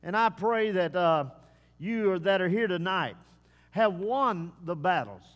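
A man preaching a sermon to his congregation in a folksy way, with many pauses and "uh" fillers. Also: sits high, lively intonation, a bit bright. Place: church service. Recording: long hall reverb.

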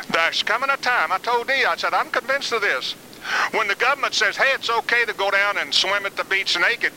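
A man's voice: sits high, pushed and bright, slight background noise, rough recording. An older man teaching a Bible lesson in a folksy, conversational way, mixing in personal stories.

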